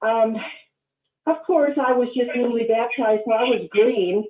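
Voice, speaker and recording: A woman's voice: a little high, measured pace. An older woman calling in to a live talk show, earnestly recalling old memories with frequent ums. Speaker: caller. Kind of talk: call-in show chat. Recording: tinny phone line, echoey.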